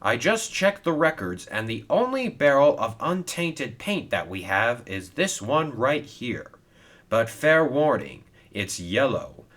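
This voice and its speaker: A man's voice: mid-range voice, very animated, slow pace, a bit bright, pitched above the performer's own voice. A man voicing an obliging male factory workman who speaks in a matter-of-fact way.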